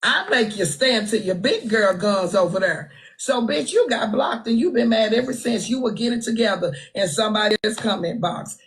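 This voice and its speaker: Her voice fairly high and her intonation lively, a Texan woman runs a phone livestream of brash, trash-talking gossip commentary at a moderate pace. She's sassy and calls people out, and the audio is rough.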